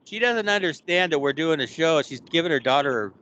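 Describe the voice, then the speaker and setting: Bright-voiced man cutting in on a lo-fi line. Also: on the high side, expressive, a little fast. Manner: interjecting, eager to jump in. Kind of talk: casual call-in chat. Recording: dull lo-fi line with faint hiss.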